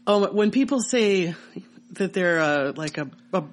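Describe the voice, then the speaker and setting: A woman co-hosting a podcast, telling childhood memories in casual, animated chat. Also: fairly low pitch, a little slow. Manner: animated storytelling with laughter. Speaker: podcast co-host.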